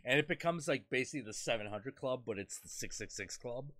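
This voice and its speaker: Animated, profane male stream host. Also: medium pitch, fairly quick. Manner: profane, rambling, retells comedy sketches. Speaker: livestream host. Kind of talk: casual crude chat.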